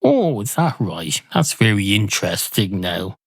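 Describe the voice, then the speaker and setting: A man's voice: fairly low pitch, very animated, measured pace, vocal fry, slightly rough, no room sound, heavily acted. A man voicing a sardonic talking cat at a bar, dry, blunt and contrary, in a comedy podcast sketch.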